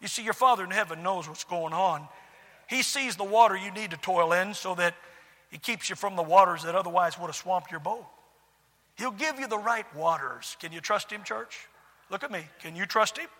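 A man's voice: high-pitched, normal speed, bright, forceful tone. A middle-aged man preaching a sermon, telling folksy stories with many fillers and restarts. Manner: folksy storytelling, repetitive, frequent fillers and restarts. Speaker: pastor. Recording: long hall reverb.

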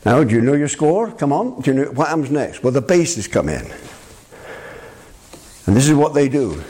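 An older man preaching a sermon in an emphatic, animated way, often addressing the listeners as his friend. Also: medium pitch, normal speed, breathy edge.

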